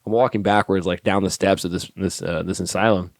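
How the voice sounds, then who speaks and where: Brief: male soldier guest, very deep voice, dry close sound, swears freely while acting out dialogue. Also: a little fast, dry recording. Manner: profane, animated storyteller acting out dialogue. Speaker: podcast guest, army staff sergeant. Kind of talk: casual storytelling.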